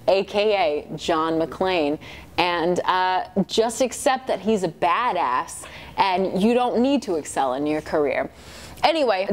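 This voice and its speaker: A tipsy woman hosting a comic movie recap, rambling and profane, with laughing asides. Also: lowish voice. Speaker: host.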